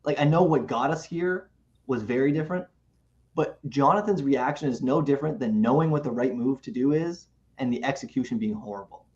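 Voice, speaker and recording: A man co-hosting a show in casual chat, talking in an animated way, often restarting and repeating himself. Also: mid-range voice, brisk. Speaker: podcast co-host. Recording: muffled lo-fi recording.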